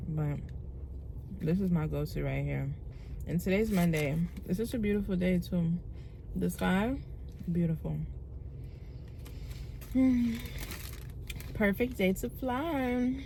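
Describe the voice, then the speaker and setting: A woman's voice: on the low side, vocal fry, warm tone, a little hiss or hum. A young woman talking casually and candidly to camera in a vlog, chatty and open. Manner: chatty, candid, says like a lot. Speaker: vlogger.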